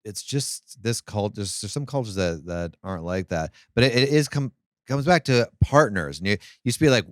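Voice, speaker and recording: Low, smooth-voiced man chatting. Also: animated, a little fast, dry recording, clean studio sound. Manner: rambling, with restarts. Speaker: podcast co-host. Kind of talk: casual chat.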